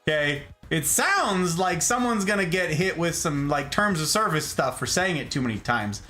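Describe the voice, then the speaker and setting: Male streamer host, bright and sharp tone, playful chat with viewers. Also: on the high side, normal speed, faint music behind. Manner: playful, animated, greets viewers by name. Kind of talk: casual chat reading live chat.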